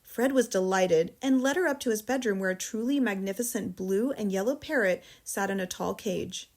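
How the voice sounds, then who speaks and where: An American woman narrating a children's novel in a calm, measured storytelling voice. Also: medium pitch. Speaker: audiobook reader. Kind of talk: audiobook narration.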